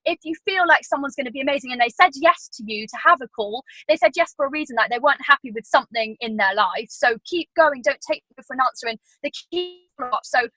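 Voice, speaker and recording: A woman's voice: high-pitched, expressive, quick pace, few pauses, pushed and bright, no echo, soft background music, poor audio. A young woman on a video call giving a casual training talk, chatty and full of "like"s. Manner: chatty, filler-heavy storytelling with many "like"s. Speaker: team leader giving sales training.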